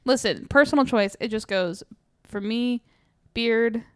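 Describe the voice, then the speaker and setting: Woman, podcast co-host, wry banter, smooth clear tone, dry sound. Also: a little high, unhurried, no echo. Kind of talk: casual movie recap chat.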